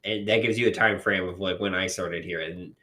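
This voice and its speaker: A man with a fairly low voice co-hosts a laid-back podcast. He rambles in casual chat, full of ums and restarts, and swears now and then for emphasis. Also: steady tone, brisk, sharp tone. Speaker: podcast co-host.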